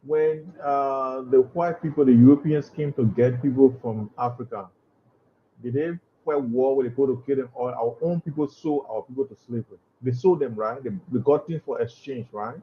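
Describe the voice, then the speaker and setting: A man's voice: mid-range voice, normal speed, dull audio, a little hiss or hum. A man with a Liberian English accent putting challenging questions to a fellow panelist. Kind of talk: talk-show discussion.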